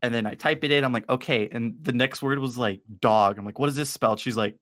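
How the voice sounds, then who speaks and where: A man's voice: mid-range voice, fairly quick, dry recording. Young guy on a podcast telling a story, doing both sides of the convo, dry close sound. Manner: animated storyteller, acts out both sides of a dialogue. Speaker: podcast co-host. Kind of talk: casual storytelling chat.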